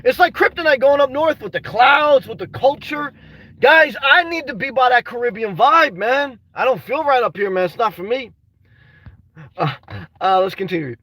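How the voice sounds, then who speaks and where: A young man on a casual livestream, reading chat aloud and talking restlessly, tacking "man" onto almost every line and now and then rising to shouts. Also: very high voice, expressive, moderate pace, distant mic. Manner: restless, says "man" constantly, swings to shouting. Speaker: vlogger reading live chat.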